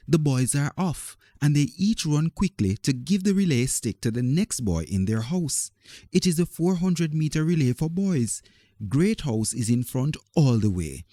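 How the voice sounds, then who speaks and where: A man reads a children's story aloud, gentle and deliberate. His voice is mellow and relaxed, with a lively, expressive lilt. The recording is dry and close. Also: mid-range voice, no echo.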